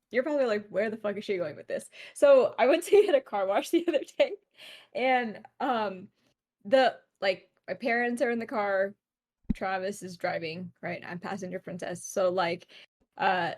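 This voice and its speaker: A woman's voice: mid-range voice, normal speed, darkish tone. A young woman co-hosting a podcast, telling a story in casual chat and laughing often. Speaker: podcast co-host.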